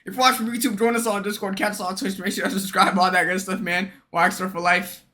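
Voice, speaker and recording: Bright-voiced joking streamer guy. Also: high voice, little pitch movement, fast talker, a little hiss or hum. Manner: joking, slangy, crude asides. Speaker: streamer reacting to stories. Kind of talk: casual reaction commentary.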